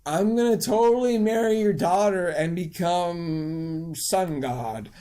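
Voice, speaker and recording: A man's voice: high voice, slow, mellow. A man playing a dim, cocky teenage hero with a lazy, flippant delivery. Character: dim teen hero, young man, whiny then cocky.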